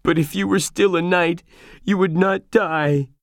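A man's voice: high voice, fairly even intonation, unhurried, no echo, studio quality, voice pushed up. A man voicing a loyal squire who pleads through sobs at his master's deathbed. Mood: grieving. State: sobbing. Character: loyal male squire, grieving and sobbing.

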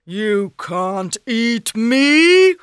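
A woman voicing a big, ugly male ogre in a storybook, slow and threatening. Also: very animated, clean tone, no echo, studio quality, full character voice. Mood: menacing. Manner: slow, booming, menacing. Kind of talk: storybook reading.

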